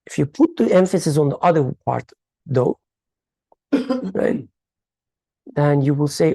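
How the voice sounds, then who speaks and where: Brief: mellow, unhurried voice for a study-circle talk; halting delivery, thinks aloud, uneven grammar. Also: mid-range voice, big pitch swings, vocal fry, slightly rough, no room sound. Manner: uneven non-standard English grammar. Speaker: study circle participant explaining a hadith. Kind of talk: reflective discussion in a faith study circle.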